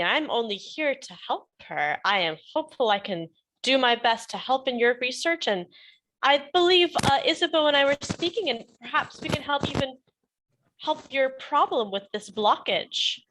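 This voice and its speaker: A woman voicing a polite, earnest winged adventurer who speaks in halting, courteous sentences. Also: on the high side, expressive, noisy background, natural voice.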